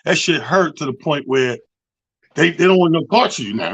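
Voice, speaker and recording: A man, a comedian hosting a casual comedic radio chat, loud, profane and animated. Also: a little high, moderate pace, breathy edge. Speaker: comedian and show host.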